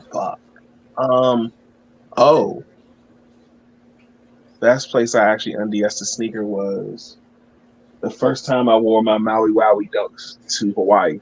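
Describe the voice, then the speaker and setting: A man's voice: on the low side, steady tone, slow pace, pauses often, husky, low-quality recording. A man telling a long, rambling story in casual chat, swearing and laughing at himself. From Maryland. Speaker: guest.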